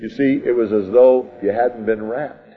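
A man's voice: mid-range voice, normal speed, phone-quality sound. A man preaching a sermon in a folksy way, reading scripture and acting out the scene in his own words. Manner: folksy, acts out the scene, chuckles. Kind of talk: sermon teaching.

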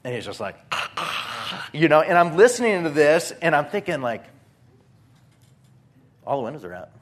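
Man preaching, animated storyteller. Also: on the high side, moderate pace. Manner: animated storytelling, acts out his own panic. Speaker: pastor. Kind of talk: sermon.

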